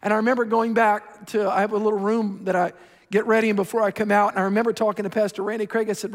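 A man's voice: sits high, level tone, fast. Middle aged pastor guy, earnest preaching, repeats himself a lot, big reverby church. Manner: earnest, repetitive preaching with restarts. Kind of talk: sermon. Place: church auditorium. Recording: long hall reverb.

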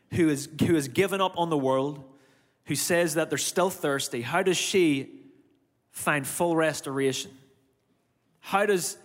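A man's voice: mid-range voice, in a large hall. A man with an Irish accent that has gone slightly American, preaching a sermon in a conversational way, with asides to the congregation. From Ireland. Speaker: pastor.

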